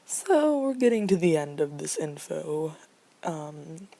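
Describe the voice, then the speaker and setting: A woman with a low, gravelly voice casually explains a casting call to voice actors. She rambles, leans on fillers and often sinks into a near-whisper. Her tone is dark and mellow. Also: very animated, slow pace.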